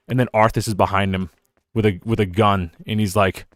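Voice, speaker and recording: A man's voice: fairly low pitch, steady tone, a little fast, dry recording, studio quality. A young man streaming a game, rambling casually, laughing often and slipping into silly quoted voices. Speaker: gaming streamer. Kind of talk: casual live-stream commentary.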